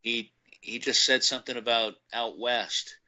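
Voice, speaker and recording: A man's voice: medium pitch, steady tone, measured pace, pushed and bright, low-quality recording. A man casually telling a rambling story, laughing often and acting out the people he quotes. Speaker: guest recounting a meeting.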